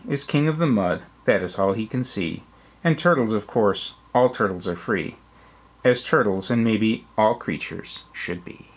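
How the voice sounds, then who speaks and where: A man, a father, reading a rhyming storybook aloud at bedtime with an expressive, rhythmic delivery. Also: mid-range voice.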